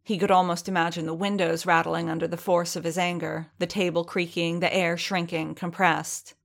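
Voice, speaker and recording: Woman narrator, story reading, steady measured delivery, lowish voice. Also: creaky. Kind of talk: fan fiction reading.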